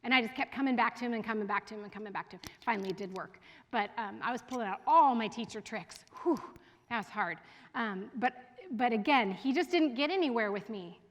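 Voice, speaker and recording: A woman, a school division head, giving a casual, animated parenting talk to parents and often laughing and asking the audience questions. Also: a little high, brisk. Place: school event room with an audience. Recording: long reverb from a hall.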